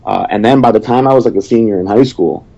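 A man with a very low voice talks plainly and sternly in a casual chat, hesitating with fillers along the way. The audio is dull and lo-fi. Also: quick pace, gravelly, dark tone. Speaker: guest.

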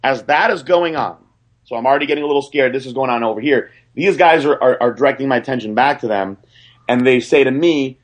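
A man casually telling a story in animated, profane fashion. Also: medium pitch, fast.

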